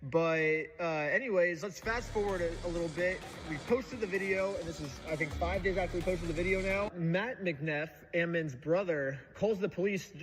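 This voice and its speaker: A man's voice: sits high, normal speed, hardly any pauses, big-room sound, over music, poor audio. A man telling his side in casual chat, rambling and sarcastic. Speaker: video creator explaining his story.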